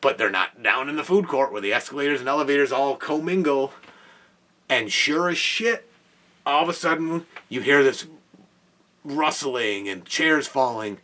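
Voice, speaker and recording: A young man, host of a podcast, telling an animated work story in a casual way with exclamations and laughs. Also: mid-range voice, normal speed, far from the mic, slight background noise.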